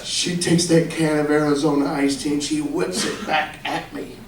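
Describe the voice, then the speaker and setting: A man in his forties telling a profane comic story on stage, breaking into shouts. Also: fairly high pitch, moderate pace, far from the mic, noisy background. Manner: animated, shouting bursts, profane. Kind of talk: live comedy storytelling. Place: comedy club stage with live audience. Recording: roomy live club recording with crowd. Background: audience laughter.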